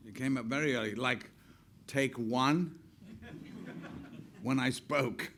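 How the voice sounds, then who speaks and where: A man's voice: medium pitch, slow, gravelly, fairly bright tone. An older man, an actor, telling chatty anecdotes on stage with frequent laughs. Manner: chatty, laughs often, acts out quotes.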